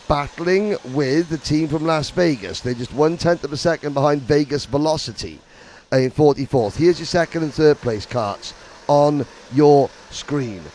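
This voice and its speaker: A man's voice: fairly high pitch, darkish tone, slight background noise, low-quality recording. A middle-aged man giving live, rambling, self-deprecating commentary on an endurance kart race.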